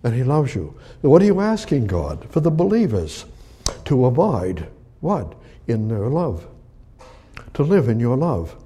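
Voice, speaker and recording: Male preacher, husky and gravelly, dark mellow tone, emphatic and repetitive sermon delivery, loud peaks and hushed lows. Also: wildly swooping pitch, a little slow. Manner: emphatic, repetitive, swings between loud declarations and soft near-whispers.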